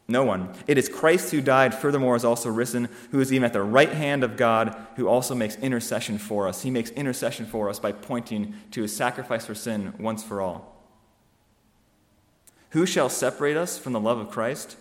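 A man preaching a sermon, emphatic and driving his points home with rhetorical questions that build to loud peaks. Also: medium pitch, moderate pace. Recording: long reverb of a hall.

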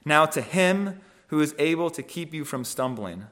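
A man giving a conversational sermon on a scripture passage, thoughtful and halting, often restarting phrases and checking in with "right?". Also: a little high, expressive, a bit bright. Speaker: preacher.

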